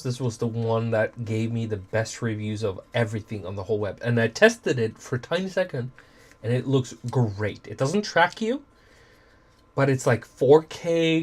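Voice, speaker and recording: A middle-aged man chats casually on a live stream, rambling from one thought to the next and swearing freely. His talk stays easygoing and offhand. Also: medium pitch. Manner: loose, profane and rambling. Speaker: music producer streaming from his studio.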